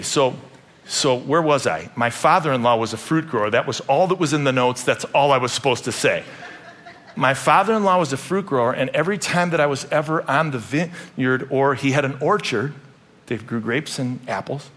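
A man's voice: mid-range voice, fairly bright tone. A middle-aged man preaching a sermon as pastor, with joking, rambling asides and playful self-deprecation.

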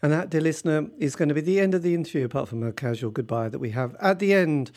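A man's voice: a little high, fast talker, a little mellow. A man hosting an interview podcast, asking short questions and speaking to the listeners. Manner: brief interjections, addresses listeners. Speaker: podcast host.

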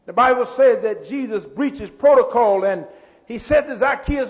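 A pastor preaching a sermon. He builds to shouts, repeats words and calls out to the congregation. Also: very high voice, normal speed. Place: church. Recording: muffled church hall with long echo.

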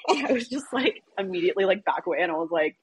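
Husky-voiced woman telling work stories. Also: on the low side, quick pace, no echo. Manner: animated storyteller, laughs often. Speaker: EMS worker. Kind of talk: casual podcast chat.

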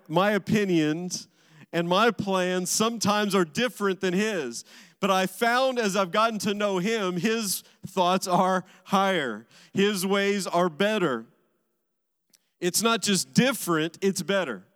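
A man's voice: sits high, slow, a bit bright, smooth. A man preaching a sermon as a pastor, driving his points home with emphatic repeated phrases. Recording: large hall with long reverb.

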